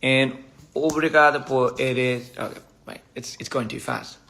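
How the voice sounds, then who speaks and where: A man chatting casually on a live stream during a meal, playful and halting, repeating phrases as he practices pronunciation. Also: mid-range voice, steady tone, creaky, fairly bright tone, a little hiss or hum. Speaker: livestream host. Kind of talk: casual live-stream chat while eating.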